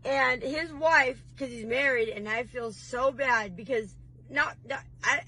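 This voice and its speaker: A woman's voice: a little high, slow, sharp tone, slight background noise, low-quality recording. A woman in a car pulled over, talking to camera in a rambling, laughing, defiant confessional rant. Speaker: vlogger.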